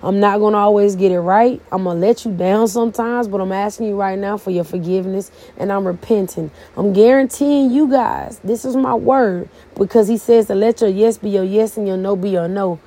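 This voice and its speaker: A woman's voice: mid-range voice, brisk, few pauses, warm tone. A middle-aged woman hosting a faith-based podcast, preaching in a fervent, casual way. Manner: preachy, fervent and casual, with plain church phrasing. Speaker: podcast host.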